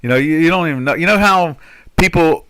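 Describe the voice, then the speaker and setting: Rambling older American trading host. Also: male voice, fairly high pitch, quick pace, fairly bright tone, clean tone. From United States. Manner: rambling, full of "you know" fillers and restarts. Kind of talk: live market commentary chat.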